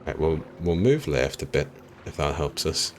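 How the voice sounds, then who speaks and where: A man's voice: very deep voice, expressive, normal speed, slight background noise. A young Irish man streaming a game live, chatting with viewers as he plays, laughing often and apologizing easily. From Ireland.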